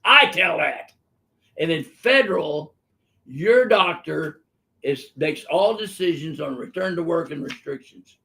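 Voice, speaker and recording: Gravelly older man, blunt and emphatic. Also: fairly high pitch, animated, measured pace, sharp tone. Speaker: physician host answering viewer questions. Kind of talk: live webinar storytelling. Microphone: live webinar microphone.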